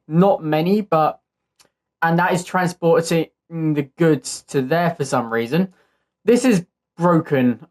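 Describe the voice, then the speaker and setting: A man hosting his own channel, giving casual gameplay commentary and thinking aloud in an easygoing way as he builds. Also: on the high side. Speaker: channel host.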